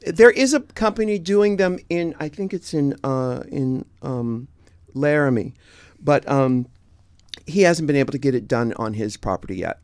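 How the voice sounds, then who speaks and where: A middle-aged man from the United States, a guest in a casual chat, meandering and often pausing to find his words. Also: medium pitch, expressive, darkish tone, clean tone, dry recording, studio quality.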